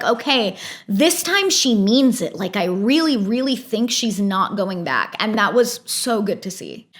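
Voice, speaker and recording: A woman's voice: a little high, a bit bright. A young adult woman giving a chatty, opinionated recap of a reality show episode, with exasperated asides. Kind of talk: casual recap commentary.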